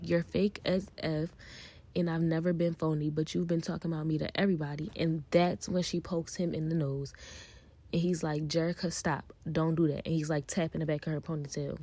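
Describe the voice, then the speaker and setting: Recapping a reality show, a woman speaks in a lowish, mellow voice, chatting freely and giving blunt opinions while acting out cast quotes. The lo-fi recording sounds dull.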